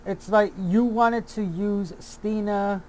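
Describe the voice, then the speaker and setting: A man's voice: high-pitched, fairly even intonation, slow pace, a little mellow, slight background noise. A man delivering a heated, profane commentary rant, often repeating himself and restarting his sentences. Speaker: YouTube commentator. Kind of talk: angry ranting commentary.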